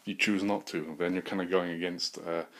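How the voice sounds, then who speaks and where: A man rambling through a crude, joking solo monologue as a podcast host, swinging into loud bursts of mock bravado. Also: low voice, flat delivery, brisk.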